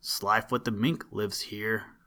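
Timid young bunny, soft and gentle, low-pitched, read by a man. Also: fairly even intonation, slow pace.

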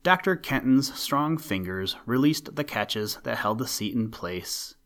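Man reading a storybook aloud, even and measured, mid pitch. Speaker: narrator.

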